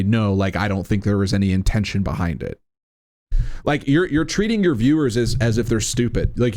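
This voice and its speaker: A man's voice: fairly low pitch, darkish tone. A man hosting a reaction commentary, talking in an incredulous, sarcastic way and leaning on "right?" and "like" between points. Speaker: commentary host.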